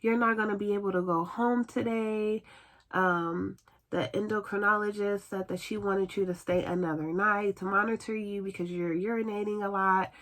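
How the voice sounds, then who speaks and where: A woman voicing a quiet, apologetic female hospital nurse who speaks in a soft, hushed way. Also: medium pitch, steady tone, normal speed, natural voice. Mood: matter-of-fact.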